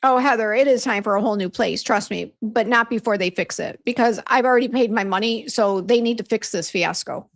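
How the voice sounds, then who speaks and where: Talking a little fast with hardly any pauses, this beauty brand host has a voice on the high side. She's on a casual livestream, reading comments from viewers aloud as she chats and vents.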